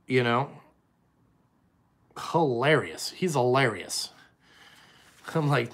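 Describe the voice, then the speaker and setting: A young man rambles through a casual live stream and swears freely as he answers viewers. His speaking voice sits a little high for a man. The talk is loose and conversational. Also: expressive, unhurried, fairly bright tone. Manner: profane, rambling, answers chat questions. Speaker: trucking company owner streaming live.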